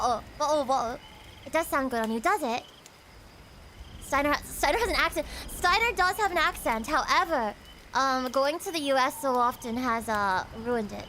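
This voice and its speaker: A giggly woman hosts a relaxed livestream, reading her chat aloud and riffing on it with quick asides. Her voice sits high and sounds bright and forceful. The delivery stays lively and chatty. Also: a little hiss or hum. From United States. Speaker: VTuber streamer.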